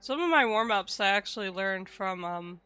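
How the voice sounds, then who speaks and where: A woman's voice: medium pitch, animated, moderate pace, sharp tone, clean tone, soft background music. A young woman streaming live, chatting candidly with viewers and swearing casually as she explains things.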